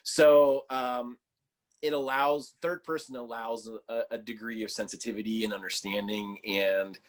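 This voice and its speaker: A man's voice: mid-range voice, fairly even intonation, measured pace. A man talking as a guest on a casual podcast, telling stories loosely with lots of fillers and a sarcastic sense of humor. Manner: loose storytelling full of fillers.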